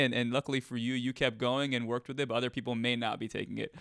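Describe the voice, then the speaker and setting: Interview host guy, talks quick, smooth clear voice, agrees a lot and reflects stuff back. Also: mid-range voice, fairly even intonation, a bit bright, dry recording, studio quality. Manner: reflective and affirming. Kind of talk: casual interview talk.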